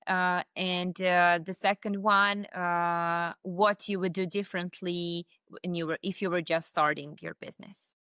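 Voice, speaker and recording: Bright-voiced woman host. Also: on the low side, fairly even intonation, a little slow, clean tone, no room sound, studio quality. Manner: warm, encouraging, many fillers. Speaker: interview host. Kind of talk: casual interview talk.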